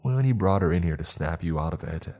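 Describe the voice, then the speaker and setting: A cold, condescending doctor who murmurs calmly over his captives, as a man voices him. The voice is very deep and husky. It is a horror story told aloud. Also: fast. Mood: smug. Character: smug, cruel male doctor and captor.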